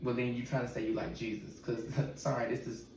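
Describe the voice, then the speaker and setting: A man speaks frankly in relaxed, slangy talk as a podcast guest. He sits well away from the mic in a very echoey room. A faint hiss of noise runs under the voice. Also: mid-range voice, brisk, distant mic. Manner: candid, talks in casual slang. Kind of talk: casual podcast conversation.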